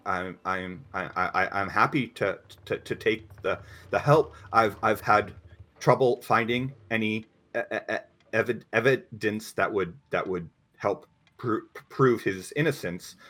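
A man's voice: fairly low pitch, unhurried, sharp tone. A man voicing a nervous middle-aged male lawyer who stutters and repeats words constantly. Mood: flustered.

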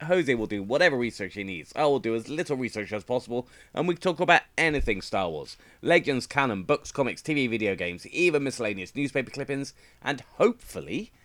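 Lively, teasing podcast co-host. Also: male voice, mid-range voice, no echo. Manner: playful teasing, lively delivery. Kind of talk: casual chat.

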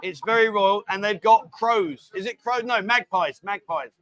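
A man's voice: high voice, moderate pace, fairly bright tone, dry recording, rough recording. A man hosting a casual live show in a bar, joking, coaxing guests into quizzes and drinking games, calling them darling. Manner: jokey, bossy, coaxing, calls people darling. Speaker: host.

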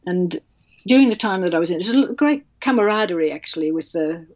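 A woman author telling a personal story in an interview, halting and emotional with many restarts. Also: fairly low pitch, lively intonation, a little mellow, no room sound. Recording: dull, dry sound.

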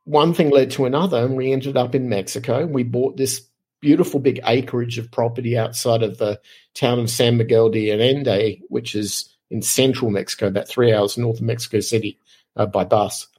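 Middle-aged Aussie male podcast guest, slightly raspy, chatty animated storyteller. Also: mid-range voice, normal speed. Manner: animated, lively anecdotes with frequent fillers. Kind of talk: casual storytelling.

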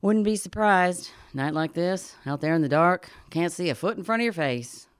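A woman's voice: fairly low pitch, animated, normal speed, clear, resonant tone, no echo, studio quality, close to an everyday voice. A woman playing a blunt, folksy middle-aged diner owner in a radio drama. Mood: worried.

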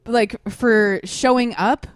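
A woman with a fairly high voice tells an awkward story on a chatty podcast, rambling and giggling through fillers. Her voice sounds close and dry, with no room around it. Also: steady tone, slow pace, clear, resonant tone, no room sound. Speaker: podcast co-host. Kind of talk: casual chat, storytelling.

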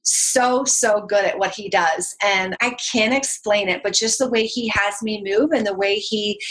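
A woman's voice: medium pitch, fairly bright tone, low-quality recording. A woman speaking as a podcast guest, telling a personal story candidly and openly. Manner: candid and open, fast and chatty.

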